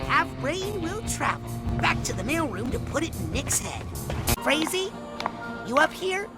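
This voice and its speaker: A woman's voice: high-pitched, big pitch swings, a little slow, loud music behind the voice. A woman voicing a curious young boy agent, earnest and a bit cheeky.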